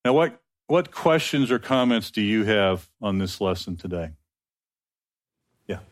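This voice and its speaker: A man's voice: fairly low pitch, expressive, measured pace. A man leading a Bible study discussion, affirming and encouraging the group.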